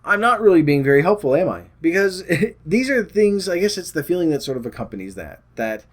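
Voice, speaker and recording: A man's voice: a little high, very animated, fairly quick. A man vlogging about his weight loss, talking casually and rambling, often going off topic and poking fun at himself. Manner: rambling, self-deprecating, chatty. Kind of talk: casual chat to camera.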